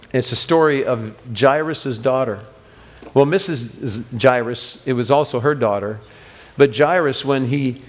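A man's voice: medium pitch, big-room sound. A man preaching a sermon as pastor, retelling scripture in a casual storytelling manner and voicing the people in it. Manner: storytelling preacher, acts out quoted voices. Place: church sanctuary.

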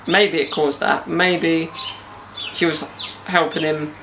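Gravelly young man, joking. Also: a little high, fairly even intonation, takes it slowly, background noise. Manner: joking banter with slang. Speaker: podcast host. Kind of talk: casual podcast chat. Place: outdoors in a garden.

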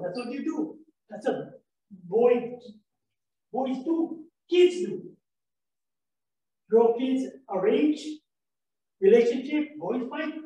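A man's voice: high voice, warm tone. A man lectures in a loose, joking way, firing questions at the room and wandering off into stories. His voice sounds far from the mic and bounces around a very echoey room. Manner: playful, rambling, quizzes the audience. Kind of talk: lively classroom lecture with jokes.

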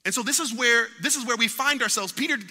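A man preaching in a church sanctuary, his voice high and bright with a hard edge. He builds with passion, repeats his words and voices the people in his story. The sound carries a long reverb from the hall. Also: quick pace. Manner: impassioned preaching with repetitions and acted-out quotes. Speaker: pastor. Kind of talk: sermon.

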